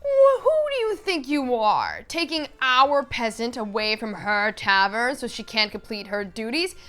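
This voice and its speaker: This is a smug male noble swordsman who sneers at the people he looks down on, as a woman puts him on. He talks with haughty, sharp disdain. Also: fairly high pitch, measured pace, clear, resonant tone. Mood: indignant.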